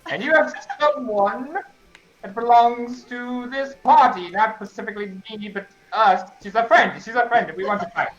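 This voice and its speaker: A man's voice: very high voice, normal speed, fairly bright tone. A man voicing a pompous, self-important male gnome adventurer in a tabletop game. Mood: grandiose. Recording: dull lo-fi mic.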